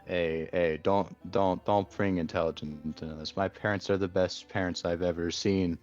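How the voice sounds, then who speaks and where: A man's voice: low-pitched, fairly even intonation, normal speed, darkish tone, soft background music, pitched below the performer's own voice, lightly acted. A man voicing a polite, earnest young girl in a tabletop game, on a dull lo-fi mic.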